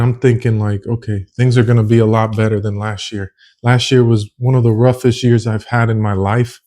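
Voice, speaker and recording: A man's voice: mid-range voice, dark tone. A young man telling a personal faith story in an earnest, rambling, casual way, often repeating himself. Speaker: vlogger sharing a faith testimony.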